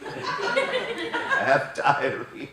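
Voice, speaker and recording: Slow, giggling male comic, echoey and noisy. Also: fairly high pitch, huge pitch swings, a loud crowd. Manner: self-deprecating, giggling at his own jokes. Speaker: guest comedian. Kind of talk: stand-up routine.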